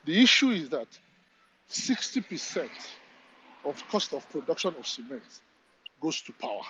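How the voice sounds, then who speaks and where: A man's voice: fairly high pitch, big pitch swings, normal speed, fairly bright tone. A man calling in, slightly out of breath as he works, earnest and matter-of-fact. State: slightly out of breath while working. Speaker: caller. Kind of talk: casual call-in comment. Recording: dull lo-fi line with faint noise.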